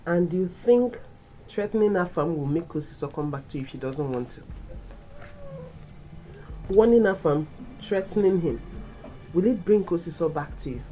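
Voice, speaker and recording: A Nigerian woman playing a wise older mother who calmly lectures her grown son in a film drama. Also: lowish voice, normal speed, pauses often, soft background music, lightly acted, poor audio. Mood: advising. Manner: calm, lecturing.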